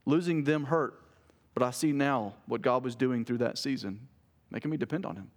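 A man in his thirties preaches as a pastor at normal speed in a medium-pitched voice. He talks conversationally, sharing stories about his family and trading jokes with the congregation, some of which he self-corrects.

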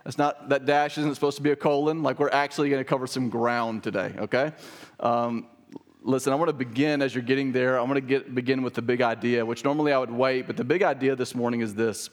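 A man's voice: mid-range voice, steady tone, fairly quick. A man preaching a sermon as pastor, earnest and emphatic, pushing up on stressed key words. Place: church sanctuary.

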